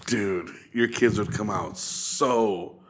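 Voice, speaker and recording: Young man, podcast co-host, unhurried delivery, casual swearing banter. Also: on the low side, slightly rough. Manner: laid-back, swears a lot, says "dude". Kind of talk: casual chat.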